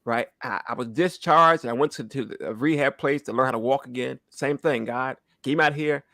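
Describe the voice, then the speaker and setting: A man's voice: mid-range voice, brisk, sharp tone, dry recording. A man in his thirties giving an emotional church testimony, earnest and close to tears, often asking "right?". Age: 30s. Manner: earnest, repeats phrases, asks "right?" often. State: holding back tears.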